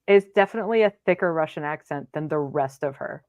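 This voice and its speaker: A woman co-hosting a podcast, chatting in an animated, enthusiastic way. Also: deep voice, fast, dry recording, lo-fi sound. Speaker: podcast co-host. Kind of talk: casual chat.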